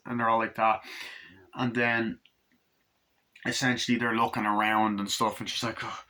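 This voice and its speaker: A man's voice: little pitch movement, normal speed, long pauses, sharp tone. Rambling man acting out a movie. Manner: rambling, acts out scenes in jumpy high voices, lots of swearing. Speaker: movie reviewer. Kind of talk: casual movie recap.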